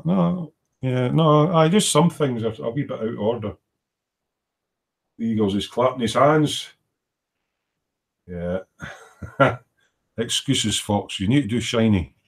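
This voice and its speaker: A middle-aged man chatting casually and rambling as he hosts a livestream from his home workshop, reading out viewer comments as he works. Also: medium pitch. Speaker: livestream host. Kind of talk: casual chat while working.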